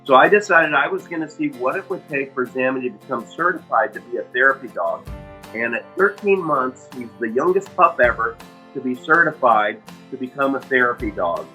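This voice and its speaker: A man's voice: medium pitch, animated, normal speed, sharp tone, faint music behind. A middle-aged man telling heartfelt personal stories about his dog, earnestly repeating key phrases for emphasis. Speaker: dog owner and vlogger.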